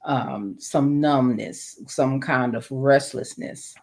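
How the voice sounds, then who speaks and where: Man podcast co-host, measured, explains things with lots of fillers. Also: medium pitch, darkish tone. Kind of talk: casual podcast chat.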